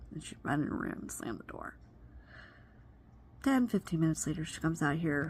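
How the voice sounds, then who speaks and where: A woman's voice: low-pitched, very animated, moderate pace, long pauses, a little hiss or hum. A woman vlogging in an earnest, reflective way, giving advice and sometimes losing her train of thought mid-sentence. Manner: wandering, loses train of thought. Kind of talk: personal vlog monologue.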